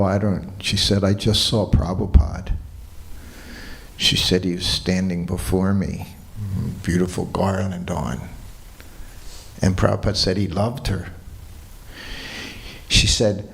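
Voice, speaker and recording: A man giving a morning lecture at a temple, telling a personal story in a relaxed way and quoting what people said. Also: lowish voice, vocal fry. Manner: relaxed anecdotal storytelling with quoted dialogue. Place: temple hall.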